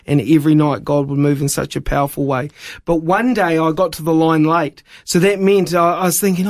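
Upbeat New man, high voice, animated self-mocking raconteur. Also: brisk. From New Zealand. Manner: lively, self-mocking storyteller. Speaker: evangelist guest. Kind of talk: animated storytelling.

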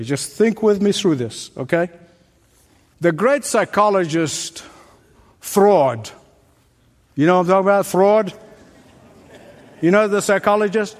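An older male pastor preaches slowly and deliberately, his voice pitched fairly high for a man. He hammers home points with repetition and rhetorical questions. A long church-hall reverb trails every phrase. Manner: emphatic, repeats key phrases, asks the audience rhetorical questions. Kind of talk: sermon. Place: church sanctuary before a congregation.

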